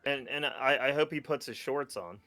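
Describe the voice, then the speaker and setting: A man's voice: medium pitch, music in the background. A man chatting casually on a podcast, amused and swearing as he reacts. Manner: slow, amused, profane. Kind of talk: casual chat.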